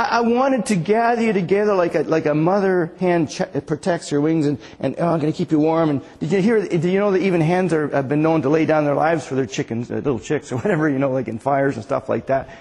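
A man preaching a sermon in an earnest, chuckling way, quoting Jesus in a gentle pleading voice. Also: a little high, fairly quick, long reverb tail.

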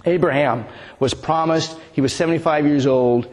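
A man's voice: fairly high pitch, moderate pace, darkish tone, long reverb tail. A man in his sixties, a pastor giving a conversational sermon and often asking his listeners "right?". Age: 60s. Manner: conversational, asks the congregation "right?". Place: church sanctuary.

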